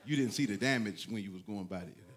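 A male pastor preaching a sermon in a church, telling a story with laughter and sudden bursts of near-shouting. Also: on the low side, quick pace, background noise. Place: church with a congregation.

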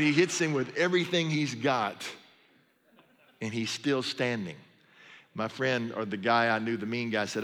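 A man's voice: medium pitch, vocal fry, a bit bright. A middle-aged man preaching a sermon as a pastor, telling stories in a conversational way with humorous asides. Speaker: pastor and sports chaplain. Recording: long hall reverb.

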